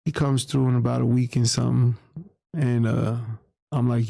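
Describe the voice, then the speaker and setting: A man's voice: mid-range voice, level tone, moderate pace, creaky, warm tone, no echo, studio quality. A man from New York, a guest in an interview, telling a story in a candid, plain-spoken way and acting out what others said. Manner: candid, plain-spoken, acts out quoted voices. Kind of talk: casual storytelling.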